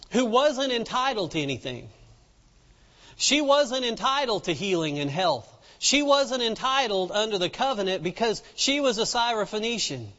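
A man preaches a sermon in a noticeably high voice, retelling scripture in homespun words and building to fervent emphasis. His voice rings out with a long reverb, as in a large hall, and the recording sounds muffled and dull. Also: fairly bright tone. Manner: retells scripture in plain folksy speech, rising to fervent emphasis.

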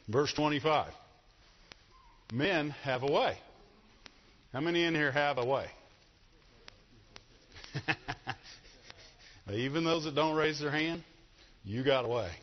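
Husky man preaching in a reverberant hall. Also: fairly high pitch, takes it slowly, pauses often. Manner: animated, asks the congregation questions. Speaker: pastor. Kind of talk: sermon. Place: church hall. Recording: dull sound with long hall reverb.

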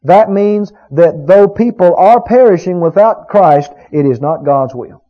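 A male preacher with a high voice that swings widely as he drives each point home. He fires rhetorical questions at the congregation in an emphatic sermon cadence. The recording is dull and lo-fi. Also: lively intonation, unhurried.

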